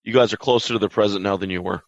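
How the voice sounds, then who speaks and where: A man running a tabletop game as game master, narrating haltingly with restarts. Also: on the low side, fairly even intonation, no room sound. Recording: dull, dry sound.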